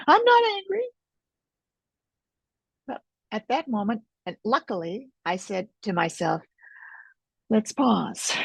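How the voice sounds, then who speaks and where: Gravelly, soft-spoken woman teacher. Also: medium pitch, no room sound. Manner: gentle, reflective, unhurried with pauses. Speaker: Focusing teacher. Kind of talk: experiential teaching webinar.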